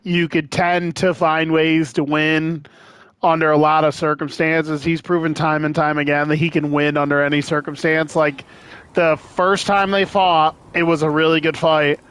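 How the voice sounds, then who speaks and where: A man's voice: a little high, normal speed, clean tone. A man in casual sports chat, telling stories with lots of swearing and acting out other people's lines. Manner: animated storytelling, heavy swearing, acts out quotes loudly.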